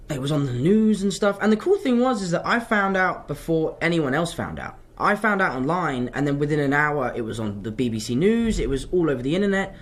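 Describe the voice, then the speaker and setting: A young man, an actor answering fan questions in a casual live Q&A, telling stories with self-mocking asides. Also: a little high. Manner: animated, chatty storytelling, self-mocking asides.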